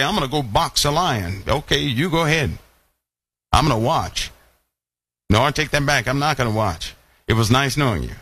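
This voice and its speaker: A man's voice: fairly high pitch, slightly rough, no echo. A man preaching a live online Bible lesson, asking many rhetorical questions. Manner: animated, full of rhetorical questions.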